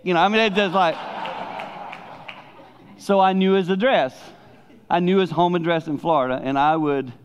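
A middle-aged man preaching a sermon in a conversational storytelling way. He drops to hushed tones to stress a point. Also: a little high, muffled recording. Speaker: pastor and speaker.

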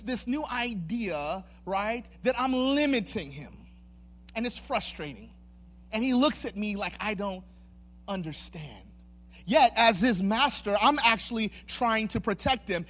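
A man's voice: sits high, fairly bright tone. A man preaching a sermon, telling a self-mocking personal story in a loose, chatty way and acting out the voices. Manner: acts out voices in his stories; loose, chatty, many fillers and restarts. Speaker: pastor.

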